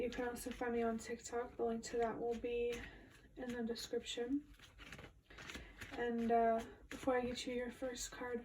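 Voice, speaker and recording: A tarot reader gives a casual spoken reading, musing her way through meandering, intuitive commentary. Her voice sits on the high side with a warm tone, slightly distant from the mic, with a little background noise.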